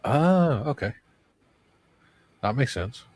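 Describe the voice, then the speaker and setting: A man's voice: mid-range voice, lively intonation, takes it slowly, a little mellow, dry recording. A man hosting a casual livestream, reading viewer comments aloud and chatting. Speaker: livestream host reading chat.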